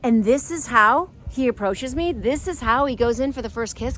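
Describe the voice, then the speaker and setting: A middle-aged woman casually telling a personal story, playful and giggly, acting out quoted voices. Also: moderate pace. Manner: animated, acts out quoted voices with big pitch jumps.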